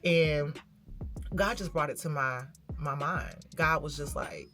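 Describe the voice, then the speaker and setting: Low-voiced woman telling a candid story. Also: takes it slowly, music in the background. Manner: candid, reflective storytelling that addresses viewers directly. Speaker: vlogger. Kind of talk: candid casual vlog talk.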